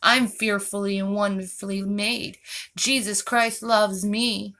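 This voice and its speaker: Woman vlogger answering comments, sarcastic and mocking, with an unhurried, pointed delivery. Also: mid-range voice, level tone, bright, forceful tone, a little hiss or hum. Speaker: channel host. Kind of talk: vlog reacting to viewer comments.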